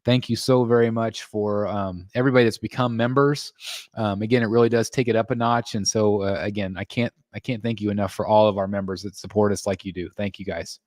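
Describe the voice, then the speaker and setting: A man hosting a casual collecting live stream from his home, reading viewer comments aloud and thanking members, his voice jumping up when he gets excited. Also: fairly quick, no room sound, studio quality. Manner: excitable, jumps in pitch when greeting members. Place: home room.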